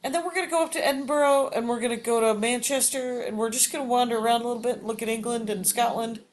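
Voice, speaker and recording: A woman's voice: a little high, steady tone, fast talker. Rambling woman comedian chatting. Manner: rambling, self-deprecating, filler-heavy. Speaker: comedian guest. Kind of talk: casual chat. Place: at home.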